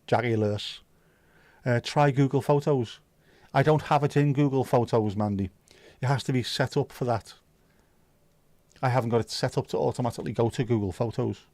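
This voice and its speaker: A man's voice: medium pitch, normal speed, darkish tone, no room sound. Rambling, jokey man on a livestream. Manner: rambling, jokey, swears freely. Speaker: livestream host. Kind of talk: casual chat reading viewer comments.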